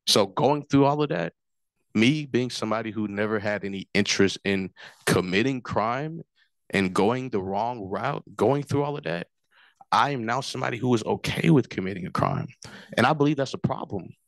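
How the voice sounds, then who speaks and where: A man from Africa speaks in a low voice, earnest and steady, looping back to the same memories again and again. The sound is dry and close, with no room around it. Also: moderate pace, dry recording. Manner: earnest, repetitive storytelling. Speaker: forum speaker. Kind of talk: personal testimony.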